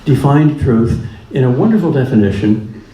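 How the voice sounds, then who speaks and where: A man's voice: mid-range voice, sing-song, moderate pace, dark tone, a little hiss or hum. A man giving a public lecture in a plainspoken, humorous way, driving points home through repetition. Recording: echoey room with faint ambience.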